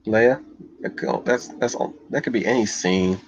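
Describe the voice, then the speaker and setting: A man's voice: lowish voice, normal speed, a little hiss or hum. A man hosting a livestream, chatting casually and meandering as he answers viewers' comments. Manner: loose, meandering, thinks aloud while answering viewers. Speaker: livestream host reading chat. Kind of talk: casual rambling livestream chat. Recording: slightly dull lo-fi mic, dry.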